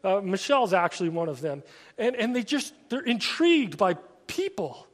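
A man preaching a sermon in an earnest way, often stammering and restarting his phrases, and at times dropping to a soft, quiet voice. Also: high voice, sing-song, normal speed. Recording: long hall reverb.

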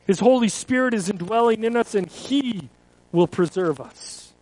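A man's voice: sits high, animated, moderate pace, a little mellow, low-quality recording. A young man preaching a sermon, telling a personal story with earnest, rising emphasis.

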